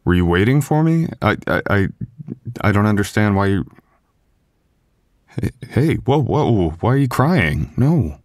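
A man's voice: fairly low pitch, sing-song, measured pace, long pauses, darkish tone, dry recording, clean studio sound. A man voicing a loving young husband in an ASMR boyfriend role-play, stammering and soothing as he apologizes. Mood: worried.

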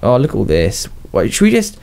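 Young southern english guy rambling over a minecraft run, mellow low-key voice. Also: huge pitch swings, brisk, creaky. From southern England. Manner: rambling, self-chatting, laughs at his own jokes. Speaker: gaming YouTuber. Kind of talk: casual Minecraft commentary.

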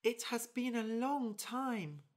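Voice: medium pitch, expressive, slow pace, pitched above the performer's own voice. A storyteller voicing a small, timid female mouse who sounds worried.

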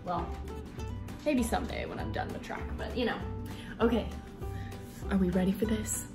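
Bubbly american woman in her 20s rambling about her day, mid pitch, music in the back. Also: moderate pace. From United States. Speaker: vlogger. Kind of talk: casual chat while gardening. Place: at home, indoors and in the yard.

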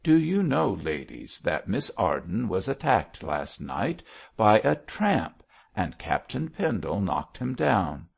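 A man's voice: fairly low pitch, very animated, takes it slowly, creaky, breathy edge, heavily acted. A man reading an audiobook voices a gracious, ingratiating clergyman who placates the others. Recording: dull lo-fi audio.

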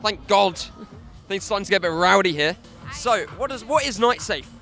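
A man's voice: sits high, animated, vocal fry, bright, forceful tone, soft background music. A young man presenting for student TV, upbeat and joking as he interviews people at an outdoor festival. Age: young adult. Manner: upbeat, joking, quick banter. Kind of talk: roving interviewer.

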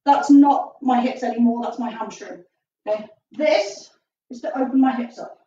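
A woman's voice: a little high, moderate pace, dark tone, echoey room. Woman, martial arts coach, upbeat jokey class cues, distant mic, dull lo-fi sound with faint hiss. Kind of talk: live online class instruction.

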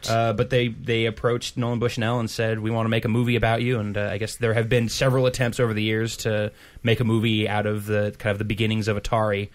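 A man hosting a podcast in casual chat, halting with many fillers and dry jokes. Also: on the low side, flat delivery. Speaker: podcast host.

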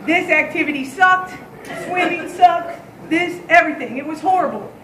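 High-voiced woman telling a camp story. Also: normal speed, echoey room, slight background noise, rough recording. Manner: candid, animated storyteller. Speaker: day camp and child care leader. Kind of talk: heartfelt thank-you speech telling a story.

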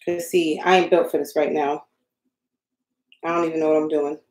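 A woman's voice: deep voice, little pitch movement, moderate pace, a little mellow. A young woman hosting a casual live stream, flustered and joking at her own expense as she crafts and talks to viewers in her home craft room. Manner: joking, self-mocking. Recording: roomy echo.

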